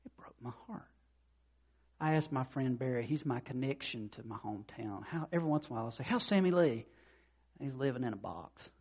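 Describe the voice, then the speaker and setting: A middle-aged man preaching a sermon as pastor, earnest, dropping soft and low then rising to loud impassioned peaks. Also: animated, fairly quick, breathy edge, muffled recording. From North Carolina.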